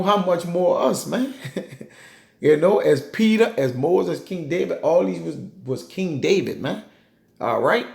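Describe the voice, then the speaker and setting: A male Bible teacher with a slightly high, gravelly voice talks scripture in a loose, chatty way. He leans on "man" and "you know" between thoughts. The recording has a roomy echo. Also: darkish tone. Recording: roomy echoey room.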